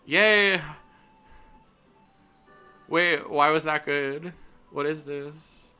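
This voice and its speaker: A man's voice: fairly high pitch, drawn-out words, pauses often, sharp tone, clean tone, faint music behind. A male streamer giving casual, goofy gameplay commentary, amusing himself as he talks. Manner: goofy, self-amused talking to himself.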